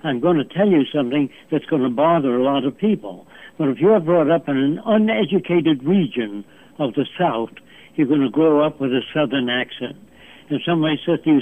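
A man's voice: on the high side, animated, moderate pace. Man in his nineties on a tinny phone line. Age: 90s. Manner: emphatic, explains with examples and rhetorical questions. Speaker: guest. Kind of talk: lecturing interview answers.

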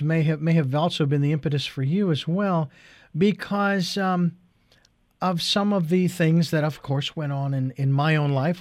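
A male interview host asks long, winding questions, often restarting and hesitating before he gets to the point. His voice sits a little higher than most men's. The sound is dry and close, with no room echo. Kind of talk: interview conversation.

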